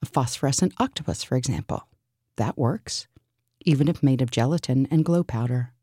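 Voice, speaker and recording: Deep-voiced woman, deadpan surreal list reading, slow and mellow, dry close sound. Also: husky, no echo. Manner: deadpan, absurd, listing. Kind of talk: surreal spoken word list.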